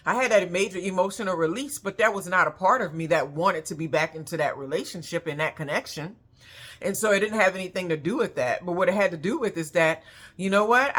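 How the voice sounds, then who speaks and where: A woman's voice: lowish voice, a bit bright. A woman vlogger talking earnestly about emotional release, reflective and encouraging. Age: adult with children. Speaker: spiritual vlogger. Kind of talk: casual heartfelt monologue.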